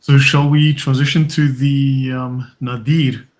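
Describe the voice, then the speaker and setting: Guy hosting a live panel stream, pretty flat monotone delivery, keeps things moving. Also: medium pitch, takes it slowly. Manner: steers the discussion, reads out donations. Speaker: host.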